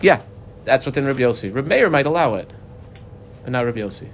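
A man teaching a daily Talmud class reads Aramaic phrases and explains the text line by line in English, speaking fast with fillers. His mid-range voice is expressive, with a little hiss or hum in the recording.

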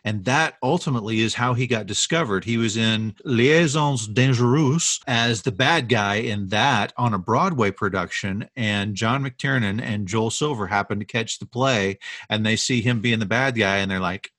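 A man's voice: lowish voice, normal speed, few pauses, dry recording. A man co-hosting a podcast, casually retelling film history with enthusiasm. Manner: enthusiastic storyteller, animated retellings. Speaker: podcast co-host.

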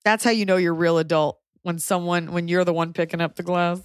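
A woman's voice: lowish voice, normal speed, clean tone, soft background music. A woman comedian hosting a podcast, telling stories in casual chat and acting out other people's lines. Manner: animated storytelling, acting out quotes.

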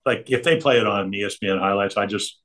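Older male guest, lowish voice, rambling anecdotes, chatty with easy chuckles. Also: quick pace, fairly bright tone. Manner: chatty, digressive, chuckles between stories. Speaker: interview guest.

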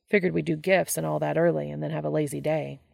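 A gruff, affectionate young man who teases with dry sarcasm, voiced by a woman reading aloud. The voice sits low and gravelly, with no room sound around it. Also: little pitch movement, fast, darkish tone, dry recording, exaggerated voice. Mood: teasing.

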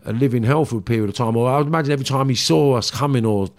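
A middle-aged man, telling stories bluntly in casual chat, full of swearing and halting restarts. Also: medium pitch. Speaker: podcast guest.

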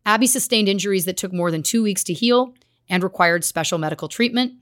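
A woman co-hosts a true crime podcast, walking through court records and reports with steady, grave emphasis. Her voice sits at a middle pitch. The recording is dry and close, with no room sound. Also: fairly quick, no echo. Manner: earnest, reading case details with grave emphasis. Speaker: podcast co-host.

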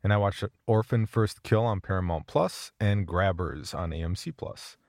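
A man's voice: low voice, moderate pace, gravelly, darkish tone, dry recording, clean studio sound. A young man from Minnesota with a Minnesotan accent, co-hosting a podcast in casual, rambling chat and laughing often. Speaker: podcast co-host.

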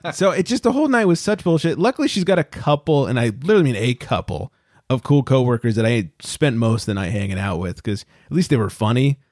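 A man's voice: mid-range voice, fast talker, no room sound, clean studio sound. A man co-hosting a casual podcast, telling stories with lots of swearing and acting out other people's lines. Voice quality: swears freely, animated storytelling. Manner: acts out quotes in raised voices. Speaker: podcast co-host. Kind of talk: casual chat.

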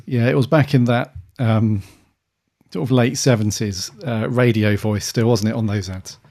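Man, late 30s, podcast host, relaxed rambling delivery, mid-pitch. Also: moderate pace. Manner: chatty, meandering. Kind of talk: casual podcast chat.

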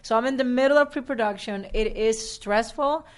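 A woman guest in a casual interview, talking with excitement and laughing as she tells stories. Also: fairly high pitch, normal speed. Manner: excited, laughing, animated storytelling.

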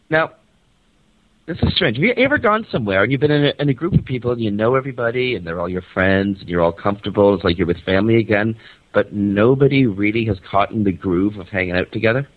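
A man hosting a radio show, phoning in from a hotel conference center, rambling and animated as he tells a story and swears casually. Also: mid-range voice, no room sound. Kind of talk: casual phoned-in radio chat. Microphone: phone. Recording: tinny, dry phone line.

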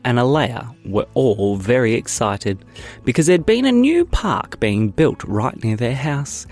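A man's voice: medium pitch, darkish tone. A man hosting a children's podcast, narrating a made-up story in a playful, childlike way.

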